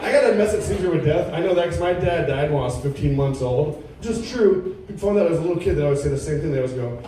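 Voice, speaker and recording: A man in his thirties doing a stand-up comedy set with a laid-back, deadpan delivery at a comedy club. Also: a little high, quick pace, heavy reverb, far from the mic, slight background noise, rough recording. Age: 30s. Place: comedy club with a live audience.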